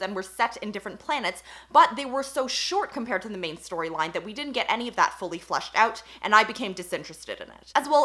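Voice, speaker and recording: A woman's voice: medium pitch, bright, forceful tone. A young woman giving a frank, sarcastic book review, reading quotes aloud now and then.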